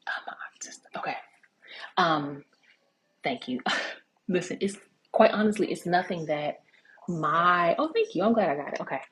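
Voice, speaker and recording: Low-voiced woman telling stories while cooking. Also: lively intonation, unhurried, pauses often, fairly bright tone, a little hiss or hum, rough recording. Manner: chatty, with many fillers and restarts. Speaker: cooking demonstrator. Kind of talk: casual storytelling cooking demo.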